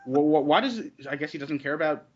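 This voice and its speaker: A man's voice: on the high side, expressive, fast talker. A man reading fanfiction aloud in a comedic group, hesitant with trailing asides, in a dull lo-fi recording. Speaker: guest reader.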